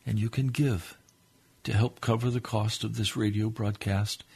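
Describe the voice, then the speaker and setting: A man's voice: on the low side, steady tone, normal speed, gravelly, darkish tone, husky. A man preaching on a radio broadcast, leading a fervent, pleading prayer that swells and drops. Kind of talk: sermon prayer.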